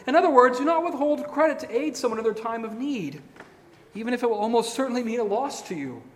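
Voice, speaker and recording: A man preaching a scholarly sermon, emphatic, with swells and drops in loudness. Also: very high-pitched, expressive, fast talker. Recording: long reverb of a large hall.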